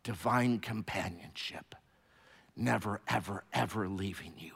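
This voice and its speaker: A man preaching a sermon, emphatic and repetitive, swinging from hushed tones to shouting. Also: fairly low pitch, measured pace, creaky, breathy edge. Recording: long hall reverb.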